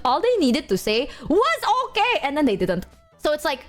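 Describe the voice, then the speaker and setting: Animated woman ranting to her stream. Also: a little high, normal speed. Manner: animated, emphatic ranting with frequent swearing. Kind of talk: casual chat to stream viewers.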